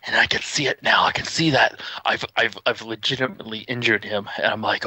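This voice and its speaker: A young man casually telling a story, animated and swearing, acting out what people said with sudden shouts. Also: medium pitch, a little fast, dry recording, low-quality recording.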